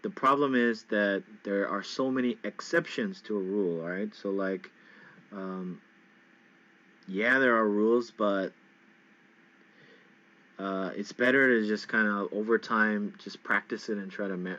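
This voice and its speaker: Teaching an English pronunciation lesson, a fairly low-pitched man sounds pushed and bright, keeping things loose, asking "okay?" and "right?", and drawing example words out slowly. The audio is dull.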